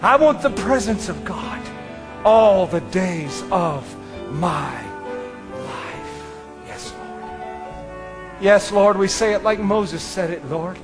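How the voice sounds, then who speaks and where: Man, high-pitched voice, fervent preacher, ringing declarations and hushed near-whispers, lots of repetition, faint music behind. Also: lively intonation, slow pace. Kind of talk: impassioned sermon.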